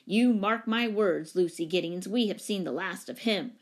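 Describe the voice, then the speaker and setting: A woman's voice: medium pitch, moderate pace, natural voice. A woman voicing an imperious, indignant elderly landlady in a storybook reading, with a clipped, scolding manner. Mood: haughty.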